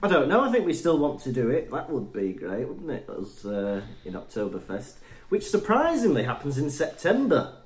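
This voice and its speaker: A male podcast host chatting casually and cracking jokes. His pitch swings up and down a lot as he talks. The sound carries a roomy echo. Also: wildly swooping pitch, normal speed, few pauses. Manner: jokey, laughs easily. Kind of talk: casual chat.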